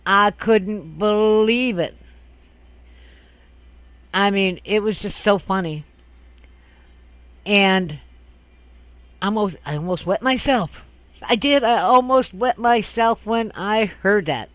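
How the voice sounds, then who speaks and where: A man's voice: high-pitched, slow, long pauses, fairly bright tone, dry recording, low-quality recording. An older man telling a childhood memory in a rambling, casual way, laughing often and restarting his sentences. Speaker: storyteller. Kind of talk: casual personal storytelling.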